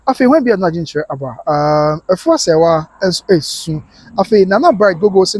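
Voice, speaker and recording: A man's voice: fairly high pitch, fast talker, darkish tone, dry recording. A Ghanaian man hosting a livestream, reading viewers' comments aloud and answering with consoling words, switching between Twi and English. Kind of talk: live-stream commentary.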